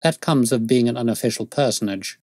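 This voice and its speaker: Man reading as a cool lecturing detective, crisp and brisk, husky edge, dry close sound, storybook reading. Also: mid-range voice, a little mellow, no room sound, lightly acted. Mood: dismissive. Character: brisk, aloof male detective, self-assured.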